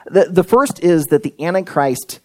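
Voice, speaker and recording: A man's voice: fairly high pitch, expressive, moderate pace. A man preaching a sermon as pastor, conversational and unpolished, with frequent fillers and restarts, building to emphatic points.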